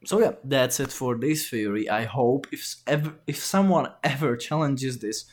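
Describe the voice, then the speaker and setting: A man's voice: medium pitch, moderate pace, a little mellow. A man co-hosting a casual podcast, joking around and theorizing with many fillers. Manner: loose and joking, filler-heavy. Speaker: podcast co-host. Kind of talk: casual lore discussion.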